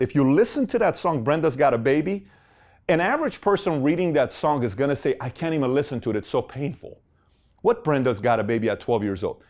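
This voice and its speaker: A middle-aged man hosting a motivational talk, animated, firing off rhetorical questions with big swings in pitch. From Middle Eastern family. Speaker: host.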